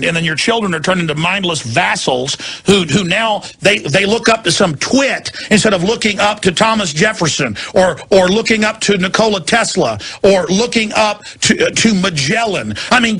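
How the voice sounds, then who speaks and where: Middle-aged guy ranting hard, gravelly husky voice, high and tense, goes from mutters to yelling, dry sound. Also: expressive, moderate pace, few pauses, dry recording. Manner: swings from low muttering to shouting, repetitive. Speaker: talk show host. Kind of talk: impassioned rant.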